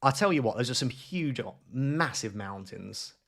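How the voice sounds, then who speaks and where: A young man chats casually through a live stream, pitched at an ordinary middle height. He thinks out loud, trails off into fillers and pokes fun at himself as he goes. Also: expressive, unhurried, vocal fry. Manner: chatty, rambling, self-mocking, thinks aloud with many fillers. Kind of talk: casual live-stream commentary while playing a map guessing game.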